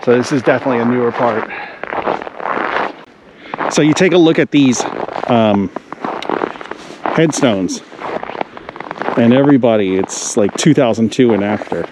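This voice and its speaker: Walking through a snowy cemetery in winter, a male travel vlogger rambles and thinks aloud, saying "like" a lot. His mid-range voice keeps a measured pace with frequent pauses, and there's noise in the background.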